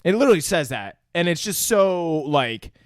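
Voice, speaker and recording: A man's voice: a little high, very animated, normal speed, no room sound, clean studio sound. A man co-hosting a podcast, casually and sarcastically picking apart a film's scenes. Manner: sarcastic, blunt, swears freely. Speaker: podcast co-host. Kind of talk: casual chat reviewing a film.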